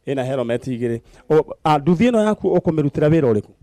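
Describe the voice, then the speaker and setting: Brisk Kenyan man hosting a live show. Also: on the high side, expressive, dark tone, no room sound. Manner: brisk, coaxing, gives instructions. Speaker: TV show host. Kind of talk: lively live TV game segment.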